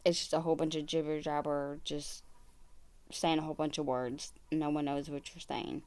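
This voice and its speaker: A woman's voice: low voice, level tone, moderate pace, a little mellow, dry recording. A woman hosting a reaction video, making blunt, exasperated running remarks over a clip she is playing. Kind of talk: casual commentary over a played video.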